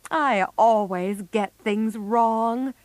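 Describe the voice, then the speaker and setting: A woman's voice: on the low side, lively intonation, fairly bright tone, no room sound. A woman doing a blunt tomboyish girl. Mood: remorseful. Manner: slow, plain, rueful.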